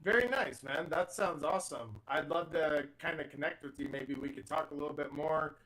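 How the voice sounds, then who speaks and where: A man's voice: fairly high pitch, normal speed, a bit bright, poor audio. A man hosting a live online audio chat, enthusiastic and rambling with lots of fillers. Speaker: host of a live audio space.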